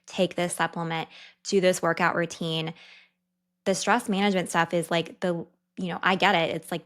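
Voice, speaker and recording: A young woman, a dietitian, hosting her own podcast in a candid, chatty way with quick asides. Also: fairly low pitch, fairly bright tone. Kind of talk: casual solo podcast talk.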